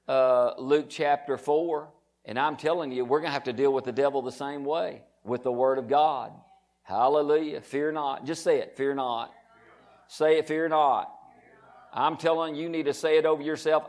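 A man delivers a sermon in a notably high voice. He hammers his points through repetition and drags out each line of scripture with heavy stress. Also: a bit bright. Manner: emphatic, repetitive, reads scripture slowly with stress. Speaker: preacher.

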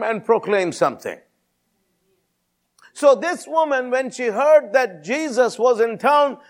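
High-voiced gravelly male preacher. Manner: emphatic, repetitive preaching with call-and-response. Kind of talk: sermon.

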